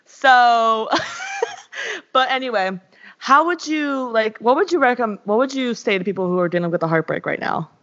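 A woman's voice: on the high side, lively intonation, moderate pace, a bit bright. A young woman co-hosting a casual chat podcast, rambling, giggling and cutting herself off mid-sentence. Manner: giggly, rambling, self-interrupting. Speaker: podcast co-host. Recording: dull lo-fi audio.

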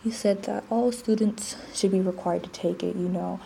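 A woman's voice: mid-range voice, fairly even intonation, moderate pace, vocal fry, warm tone, slight background noise, low-quality recording. A young woman hosting a casual solo podcast, chatty, with frequent restarts and the odd drop to a whisper. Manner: chatty, restarts often, drops to a whisper at times. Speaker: podcast host.

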